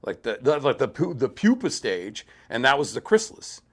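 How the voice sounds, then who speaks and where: A man co-hosting a casual film review chat, animated and profane, acting out scenes as he retells them. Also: medium pitch, normal speed, husky. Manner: animated storyteller, swears freely, acts out scenes.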